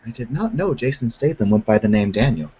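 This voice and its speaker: A man's voice: mid-range voice, animated, fairly quick, mellow, slightly rough, highs cut off. A man voicing a stiff, formal cat-woman from afar with a heavy Middle Eastern accent, choosing his words carefully. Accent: heavy Middle Eastern, put on.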